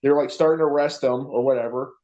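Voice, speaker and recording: This man talks fast in a mid-range voice, and the audio sounds dull. Co-hosting a podcast, he spins a profane, lively story in casual conversation, doing impressions of everyone he quotes.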